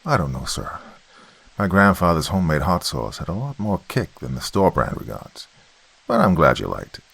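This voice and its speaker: A man's voice: sits low, big pitch swings, normal speed, gravelly, fairly bright tone, breathy edge, exaggerated voice. A man doing a polite young soldier. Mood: modest. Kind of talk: horror story reading.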